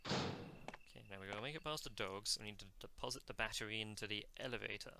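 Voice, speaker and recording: A man's voice: lowish voice, fast talker, gravelly, noisy background. Chatty man giving gameplay commentary. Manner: chatty, self-mocking, talks to the enemies. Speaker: let's play host.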